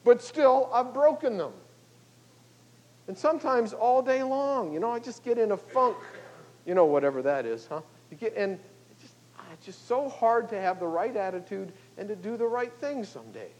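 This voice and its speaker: A man's voice: sits high, a little mellow, rough recording. An older man, a pastor, preaching a sermon in a conversational, folksy way, often checking in with "okay?" and "you know".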